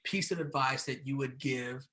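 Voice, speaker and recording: A man's voice: mid-range voice, steady tone, normal speed, sharp tone. A man hosting an interview, asking loose, rambling questions with fillers. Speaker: interview host.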